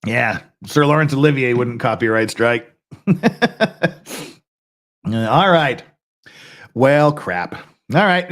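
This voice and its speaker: A man's voice: fairly high pitch, animated, a little slow, pauses often. A man hosting a casual livestream, chatting to his chat in a rambling, self-deprecating way with mild swearing and restarts. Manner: rambling with frequent restarts and laughs. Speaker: livestream host.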